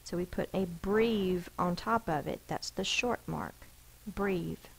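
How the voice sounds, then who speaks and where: A woman's voice: fairly low pitch, gravelly, breathy edge, rough recording. Patient woman teaching spelling. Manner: patient, explains slowly, sounds out letters and syllables. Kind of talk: recorded spelling lesson.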